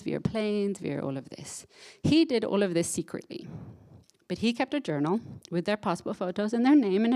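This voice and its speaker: A woman's voice: mid-range voice, darkish tone. A woman psychotherapist giving a live conference talk, conversational and emotional, often checking in with the audience. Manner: conversational, engages audience with frequent "right?"; emotional, self-described crier.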